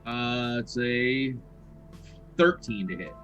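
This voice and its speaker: A man calmly describing his moves as a player in a tabletop game. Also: mid-range voice, slow, muffled recording, faint music behind. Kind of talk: casual tabletop game chat.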